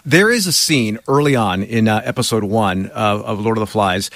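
A man's voice: on the low side, moderate pace, fairly bright tone, no echo. A middle-aged man hosting an interview, asking questions in an earnest, chatty, self-deprecating way. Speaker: interviewer host. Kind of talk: conversational interview.

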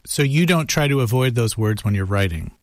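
A man interviewing an author, asking questions in a gentle, conversational way. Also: medium pitch, lively intonation, fairly quick, no echo.

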